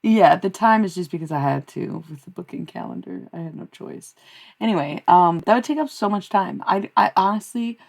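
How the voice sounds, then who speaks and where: This young adult streamer and tarot reader talks at a normal speed in a lowish, creaky voice with a darkish tone. She chats casually and profanely with her viewers, blunt and rambling, moving back and forth between ranting and laughter.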